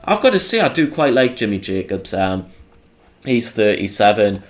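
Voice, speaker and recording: A young man hosts his channel and rambles through casual commentary on a wrestling sim game. His delivery is sarcastic and peppered with swearing. His voice swings widely up and down in pitch. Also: big pitch swings, normal speed, soft background music. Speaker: channel host.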